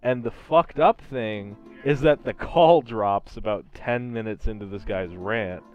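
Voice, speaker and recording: A man's voice: lowish voice, a little slow, smooth, faint music behind. A man chatting casually on a podcast, rambling and swearing freely. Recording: dull lo-fi recording.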